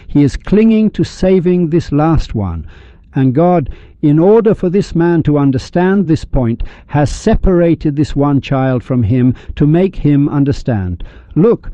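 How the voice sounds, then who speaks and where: A man's voice: medium pitch, dark tone, no echo. A man teaching a lecture on poetry and scripture, emphatic and dramatic, speaking straight to his listeners. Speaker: religious teacher. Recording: dull lo-fi dry recording.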